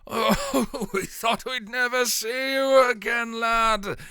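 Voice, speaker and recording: A man's voice: very high-pitched, slow pace, clean tone, dry recording, clean studio sound, pitched above the performer's own voice, full character voice. A man voicing a frail, doting old bird-folk elder who fusses and frets over a returning lad. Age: older. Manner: fussy, fretting, warm-hearted.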